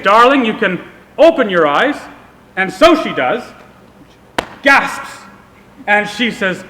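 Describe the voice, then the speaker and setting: Bright-voiced young man in an echoey hall. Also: high-pitched, a little hiss or hum. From Canada. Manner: humorous storytelling, self-deprecating. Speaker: speaker. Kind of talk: public speech with anecdote. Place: event hall. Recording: echoey hall with long reverb.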